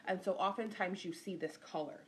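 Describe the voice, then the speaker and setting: A woman's voice: fairly low pitch, fairly quick. Chatty woman teaching a live design lesson. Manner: chatty, greets viewers by name mid-talk. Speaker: interior designer hosting a live stream. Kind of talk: casual live-stream design tutorial.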